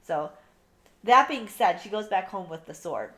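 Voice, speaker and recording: A woman co-hosting a podcast, giving a blunt, profane, animated book review in casual chat. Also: medium pitch, unhurried. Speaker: podcast co-host.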